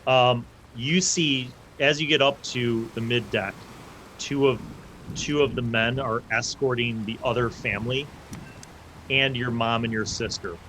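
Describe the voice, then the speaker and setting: A man's voice: medium pitch, fairly even intonation, unhurried, bright, forceful tone, slight background noise. A man narrating as game master of a tabletop game, rambling with lots of fillers and restarts.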